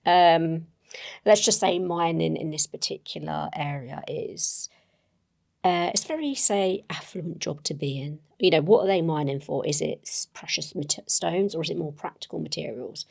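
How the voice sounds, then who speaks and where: Low gravelly-voiced woman mumbling through a solo rpg, lots of ums as she writes. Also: normal speed, a little mellow. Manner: hesitant, with many fillers and self-corrections. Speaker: solo tabletop player. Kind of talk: thinking aloud while playing and writing.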